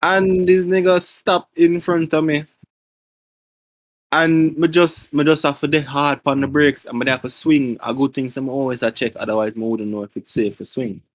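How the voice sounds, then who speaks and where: A man's voice: a little high, fairly even intonation, moderate pace, no room sound. A man, co-hosting a casual podcast, telling a story with teasing asides and slipping into Creole phrasing. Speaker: podcast co-host. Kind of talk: casual chat.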